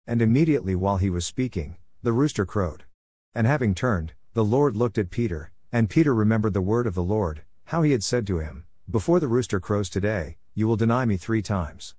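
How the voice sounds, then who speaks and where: A man reading scripture aloud in a plain, measured way, in short phrases. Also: fairly low pitch, darkish tone, dry recording. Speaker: scripture reader.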